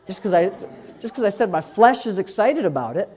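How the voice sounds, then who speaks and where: A man who is a pastor, preaching a sermon to his congregation in church, candid and conversational, swinging from loud bursts to hushed asides. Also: high-pitched, big pitch swings, a little fast.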